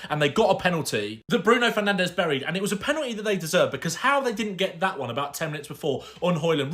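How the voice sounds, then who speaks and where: A man rattles through his football reaction at a brisk clip, his voice sitting a little high. He is emphatic and opinionated, hammering his points home. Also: a bit bright. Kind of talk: fast football reaction commentary.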